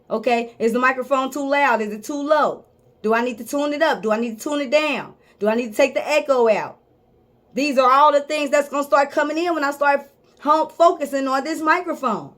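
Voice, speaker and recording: Female life coach, high-pitched, emphatic motivational delivery, repetitive and informal. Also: fairly bright tone. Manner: emphatic and repetitive, drives points home; speaks directly to viewers, informal. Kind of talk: motivational talk to camera.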